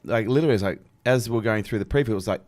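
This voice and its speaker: A man's voice: fairly low pitch, racing, darkish tone, dry recording. A man hosting a podcast in a studio, talking enthusiastically with lots of casual fillers. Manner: enthusiastic, lots of "you know" and "literally" fillers. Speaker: podcast host. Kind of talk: casual interview.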